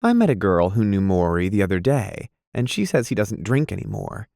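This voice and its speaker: A man reading aloud, voicing a gossipy, excitable young woman in a high, breathless voice. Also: a little fast, creaky, dry recording, studio quality. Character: gushing gossipy young woman, easily moved.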